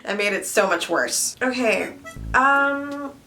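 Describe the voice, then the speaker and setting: A woman's voice: fairly high pitch, expressive, slow pace, bright, forceful tone, faint music behind. A young woman chatting playfully to viewers while doing her makeup on camera. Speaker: beauty vlogger. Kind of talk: casual makeup tutorial chat.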